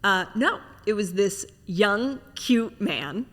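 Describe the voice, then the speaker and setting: Woman, young adult, podcast guest, animated storyteller, bright tone, long reverb. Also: mid-range voice. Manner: animated, laughing often, fast storyteller. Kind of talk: casual chat, storytelling.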